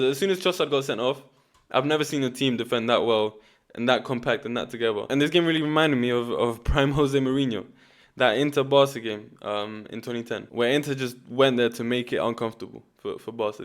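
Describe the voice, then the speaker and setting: A young man giving a casual, animated football weekend recap, talking quickly with frequent restarts and free swearing. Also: mid-range voice. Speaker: football YouTuber.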